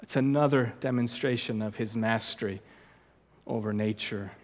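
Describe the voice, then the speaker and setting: A man's voice: lowish voice, steady tone, normal speed, long reverb tail. A man preaching a sermon, emphatic and earnest, repeating words as he presses his points and rising to sudden outbursts. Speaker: pastor.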